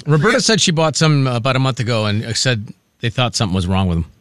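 A man trades playful teasing jokes as a radio co-host, his pitch bouncing lively up and down. He is recorded on a dry, close studio mic, and he laughs often between lines. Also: fast talker, dry recording. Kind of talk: casual studio banter.

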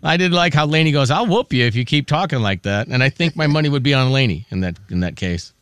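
A man's voice: mid-range voice, big pitch swings, fast talker, fairly bright tone, clean tone, no echo, clean studio sound. A man co-hosting a casual morning radio show, chatting and joking through entertainment news. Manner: chatty, jokey storytelling. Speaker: radio co-host. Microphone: studio mic.

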